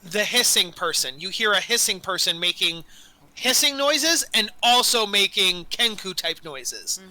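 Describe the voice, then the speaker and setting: A man running a tabletop game as dungeon master, narrating in a rambling way, full of fillers and quick self-corrections. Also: sits high, animated, bright, forceful tone, dry recording, rough recording.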